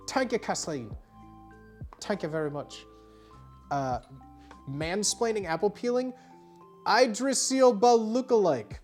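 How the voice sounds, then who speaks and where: A woman's voice: medium pitch, darkish tone. A tipsy woman streaming live as a bartender, chatty and rambling with many fillers as she shows how to make a cocktail. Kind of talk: casual livestream cocktail demo. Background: faint music.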